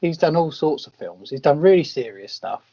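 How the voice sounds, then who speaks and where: A man's voice: on the high side, sing-song, moderate pace, dark tone, husky, no echo. A man co-hosting a podcast, chatting casually about a film and laughing often. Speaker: podcast co-host. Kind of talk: casual film review chat. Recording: dry, muffled podcast audio.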